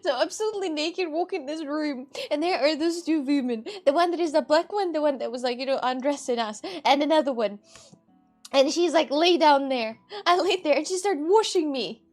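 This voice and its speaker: Lady vlogger telling a travel story, high voice, laughs a lot, shrieky bits, soft music under it. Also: fairly quick. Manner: animated, laughing, bursts of shrieks while retelling. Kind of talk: casual storytelling to camera.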